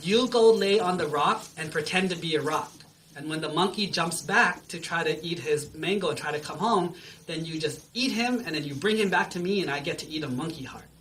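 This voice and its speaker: A man's voice: fairly high pitch, brisk, a bit bright, slight background noise, lightly acted. A man doing a scheming crocodile wife. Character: scheming crocodile wife who wants a monkey heart.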